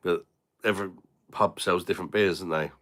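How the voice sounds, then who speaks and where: Host, low and bright-toned, blunt, swears freely, banters with chat. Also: male voice, steady tone, a little fast. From Britain. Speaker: beer reviewer hosting a live stream. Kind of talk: casual live-stream chat.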